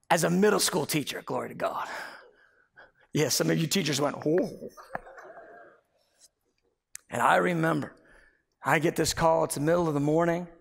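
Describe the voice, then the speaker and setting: A male pastor preaching a sermon and telling a personal story, animated, swinging between loud and hushed, repeating words as he builds a point. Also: sits high, gravelly.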